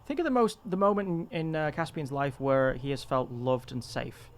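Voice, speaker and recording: A man running a tabletop game, narrating scenes in an unhurried, descriptive way with restarts. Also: mid-range voice. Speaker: game master.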